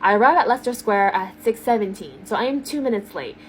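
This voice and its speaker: A woman's voice: mid-range voice, expressive, fast talker, faint music behind. Chatty woman telling a story. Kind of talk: storytime to camera.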